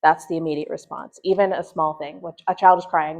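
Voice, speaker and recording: A woman's voice: low-pitched, fairly even intonation, brisk. Earnest woman giving a church talk. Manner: earnest, thoughtful, with fillers and restarts. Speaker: church presenter. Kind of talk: reflective talk to a church group. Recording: dull lo-fi recording.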